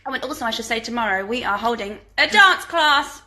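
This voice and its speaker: A woman's voice: fairly high pitch, expressive, brisk, crowd noise. A woman, chatting casually on a live stream from home and reading out viewer questions, giggly and full of ums. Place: home living room.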